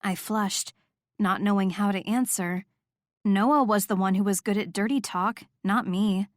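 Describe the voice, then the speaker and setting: A woman's voice: medium pitch, fairly even intonation, measured pace, no room sound, studio quality. Woman narrating a romance audiobook. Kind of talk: first-person romance narration.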